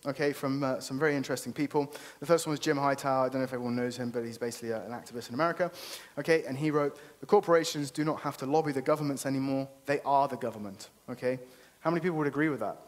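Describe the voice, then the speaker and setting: A man giving an earnest, persuasive conference talk and often checking in with "okay?". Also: medium pitch. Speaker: conference speaker. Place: conference venue.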